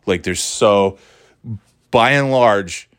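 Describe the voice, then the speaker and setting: A man's voice: fairly low pitch, drawn-out words, clean tone, no room sound, clean studio sound. A middle-aged man talking in a casual, rambling monologue, profane and sardonic, often restarting his sentences.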